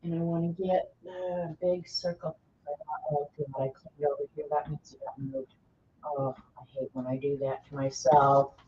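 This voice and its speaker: Drawing on her livestream, a middle-aged woman chats and mutters to herself while she works. She speaks at normal speed in a low, mellow, flat voice, and the dull lo-fi audio has a little hiss or hum.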